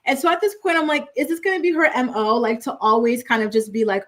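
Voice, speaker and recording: A young woman with a slightly high voice recaps reality TV as host, chatty and opinionated. She talks fast and loose, throwing in exasperated asides. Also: animated, fairly bright tone.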